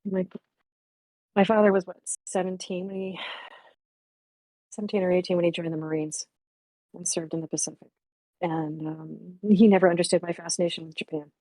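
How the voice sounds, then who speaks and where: A woman's voice: lowish voice, fairly even intonation, normal speed, pauses often, mellow, no room sound. A woman in her sixties reminiscing candidly and reflectively, speaking frankly and swearing bluntly at times. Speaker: memorial stream guest.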